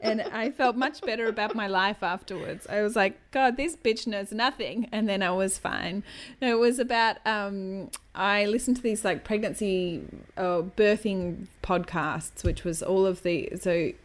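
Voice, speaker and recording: A woman's voice: medium pitch, measured pace. A woman in her thirties chatting on a podcast, telling a story with acted-out quotes and casual swearing. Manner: storytelling, animated, acts out quotes; swears casually, self-mocking humor. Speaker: podcast co-host. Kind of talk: casual chat.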